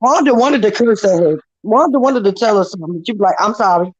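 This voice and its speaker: A woman's voice: mid-range voice, animated, quick pace, darkish tone, dull audio. A woman co-hosting a casual gossip chat, blunt and teasing. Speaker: co-host.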